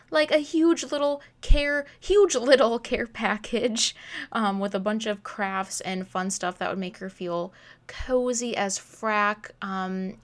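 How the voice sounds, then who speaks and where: This young crafting vlogger, in her twenties, speaks at medium pitch with a fairly bright tone while casually narrating her footage. Her delivery is bubbly and effusive, full of self-deprecating laughs and frequent "oh my god" and "literally."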